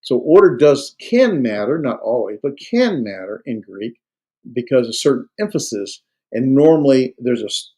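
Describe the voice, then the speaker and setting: Man, classroom lecture, emphatic, lots of uh and um, mid pitch. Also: dark tone, low-quality recording. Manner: explains step by step, many fillers and restarts; stresses words hard. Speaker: Greek instructor. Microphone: recorded lecture.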